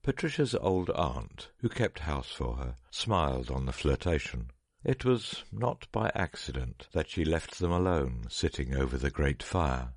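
A man reading a story aloud in a measured, dramatic narration. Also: very deep voice, very animated, dry recording, clean studio sound.

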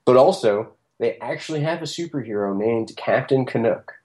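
A man's voice: medium pitch, animated, moderate pace, darkish tone. A man co-hosting a crude comedy chat, ranting and swearing freely. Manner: profane, ranting. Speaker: podcast co-host.

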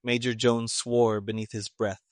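A man narrating an audiobook in a steady, plain manner. His voice sits at an ordinary pitch, neither high nor low. The recording is dry and close, with no room sound. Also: a little slow, dry recording.

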